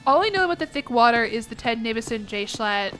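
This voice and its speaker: A woman's voice: fairly high pitch, expressive, fast, fairly bright tone, faint music behind. A young American woman streaming a game, chatting in a rambling way with lots of restarts, a bit congested. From United States. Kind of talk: casual gaming stream chat.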